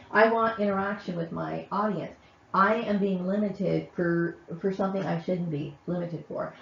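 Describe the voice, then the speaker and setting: A woman's voice: lowish voice, creaky, slight background noise. A woman hosting her own channel, ranting heatedly to camera and repeatedly asking "okay?". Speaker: channel host. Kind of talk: angry vlog rant to camera. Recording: echoey, distant, muffled room sound.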